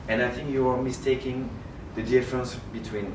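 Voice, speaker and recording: A man's voice: mid-range voice, flat delivery, brisk. A middle-aged man from France with a French accent, teaching a flute masterclass and coaching with sung syllables. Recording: roomy, distant mic, noisy.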